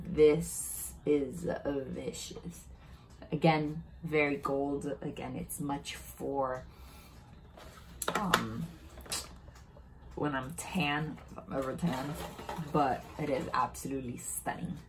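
A woman's voice: rumbling low, steady tone, slow, pauses often, slight background noise, low-quality recording. A young woman chatting casually while unboxing and trying on makeup, narrating each step and easily delighted. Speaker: beauty vlogger.

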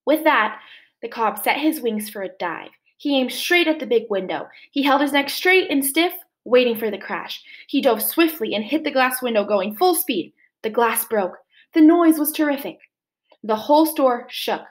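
A woman's voice: fairly high pitch, lively intonation, normal speed. A woman teacher reading a chapter book aloud to children. She reads expressively and stops now and then to comment for her listeners.

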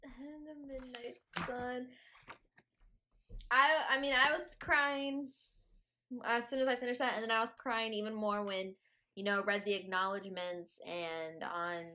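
Animated woman podcast co-host. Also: on the high side, measured pace. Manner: animated, outspoken reactions. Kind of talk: casual book-recap chat.

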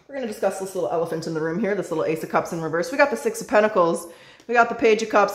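A woman's voice: mid-range voice, racing, a little hiss or hum. Woman, tarot reader, casual and chatty, roomy echo. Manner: chatty, talks to the viewer as baby, swears.

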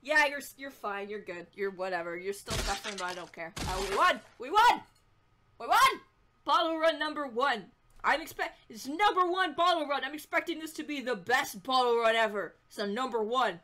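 A young woman commentating a video game, loud and excitable, yelling, swearing and laughing at the game. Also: sits high, normal speed. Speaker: gameplay commentator. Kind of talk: let's play commentary.

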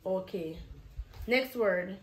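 A woman's voice: mid-range voice, slow pace, lightly acted. A woman with a Jamaican accent playing a stern, bossy grandmother who scolds her grandson in blunt patois during a spelling lesson. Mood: scolding. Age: older. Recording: roomy echo.

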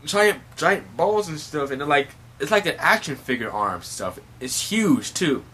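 A man's voice: fairly high pitch, very animated, moderate pace, bright, forceful tone, a little hiss or hum. A man casually recapping a manga chapter, rambling with many fillers. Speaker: manga reviewer.

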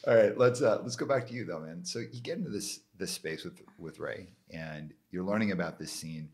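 A man from Canada hosting a podcast interview, telling an anecdote in an animated way and laughing along with his own story. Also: sits low, brisk. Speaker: podcast host. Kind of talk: casual interview chat.

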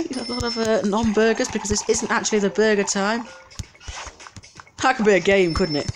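A man's voice: high voice, fairly quick, slight background noise. A man giving casual let's-play commentary, chatty and easily distracted, talking back at the game's customers. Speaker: gameplay commentator.

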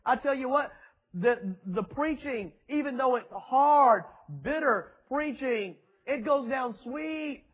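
A man's voice: extremely high pitch, takes it slowly, husky, dull audio. A man preaching a fiery sermon to a congregation, emphatic and full of rhetorical questions and mocking asides. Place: church before a congregation.

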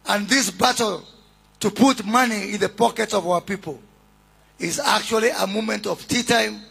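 A man with a Kenyan accent giving a deliberate, oratorical public speech as a government minister at a launch event, calling out greetings to the crowd. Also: sits high, gravelly, fairly bright tone, breathy edge.

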